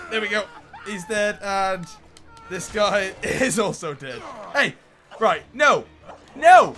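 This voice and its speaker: Excitable young man, lively pitch. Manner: excitable, swears mildly, often laughs and yells at enemies. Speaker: gaming YouTuber. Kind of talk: gameplay commentary.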